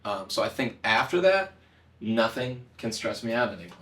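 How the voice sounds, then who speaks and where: Give me a relaxed, slightly hoarse young man, heard from a distance in a roomy space. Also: medium pitch. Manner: relaxed, halting, filler-heavy. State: slightly hoarse after singing. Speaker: musician guest. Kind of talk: casual interview answers. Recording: echoey room, a bit far from the mic.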